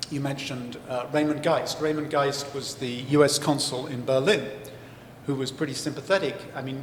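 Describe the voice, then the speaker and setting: A man's voice: medium pitch, a little hiss or hum. A male author being interviewed on stage, explaining at length in a thoughtful way with many fillers and restarts. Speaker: author and historian, interview guest. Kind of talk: live festival interview. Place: large hall at a book festival. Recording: echoey hall with faint ambience.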